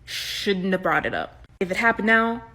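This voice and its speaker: A woman telling comic storytime anecdotes, jumping between loud punchlines and quiet asides. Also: medium pitch, very animated, moderate pace. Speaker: comedy video creator. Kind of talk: storytime monologue.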